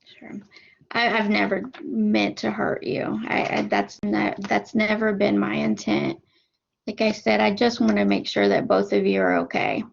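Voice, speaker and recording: A woman's voice: mid-range voice, measured pace, vocal fry. A woman playing a worried grandmother in a role-play, stammering and hedging. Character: worried grandmother, mother of the daughter. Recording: muffled lo-fi recording.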